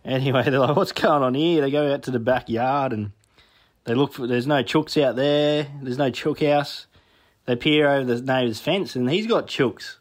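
A man's voice: medium pitch, moderate pace. A man telling a rambling anecdote to podcast hosts, linking every step with "anyway". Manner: rambling, chains sentences with "anyway". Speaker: listener telling a story. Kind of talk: told anecdote.

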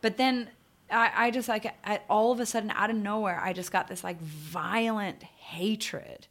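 A woman's voice: medium pitch, fairly even intonation, measured pace, a bit bright. A young woman, hosting a podcast and frankly telling a personal story, swearing freely and using many fillers.

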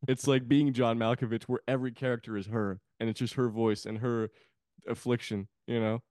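A man's voice: medium pitch, little pitch movement, fairly quick, a little mellow, dry recording, clean studio sound. A man guesting on a podcast, chatting casually about films, rambling and laughing often. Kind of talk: casual film chat.

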